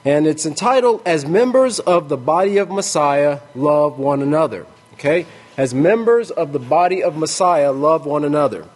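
A man's voice: on the high side, expressive, normal speed. A man preaching a sermon to a congregation, greeting them first and then working through his points with frequent restarts. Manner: warm greeting, many "uh" restarts.

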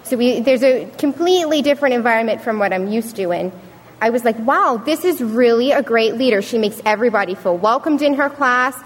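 A woman's voice: fairly high pitch, animated, fairly quick. Earnest young woman speaking in a hall. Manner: earnest, storytelling with acted quotes. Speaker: student speaker. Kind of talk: prepared speech to an audience. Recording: reverberant hall.

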